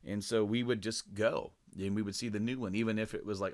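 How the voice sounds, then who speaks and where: A man's voice: fairly low pitch, fairly even intonation, brisk. A young man in casual podcast chat, rambling with lots of fillers and restarts, cursing freely and jumping into a raised voice to act out quoted lines. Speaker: podcast co-host.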